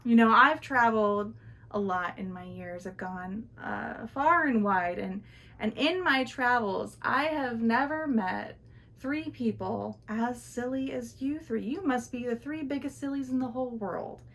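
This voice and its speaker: A woman voicing a well-traveled young gentleman with a wry, drawn-out way of talking. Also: on the high side. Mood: amused.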